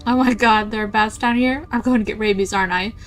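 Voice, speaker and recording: A woman's voice: mid-range voice, steady tone, fast, faint music behind, natural voice. A woman voicing an anxious, fretful young woman in a game, reading her lines aloud. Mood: panicky. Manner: panicky, fretful.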